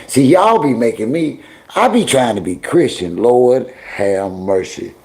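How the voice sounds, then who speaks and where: Heavy slang and drawling repetition mark this middle-aged livestream host as he scolds his viewers and chat straight on. His mid-range voice is a little slow and a little mellow, with lively intonation and a breathy edge.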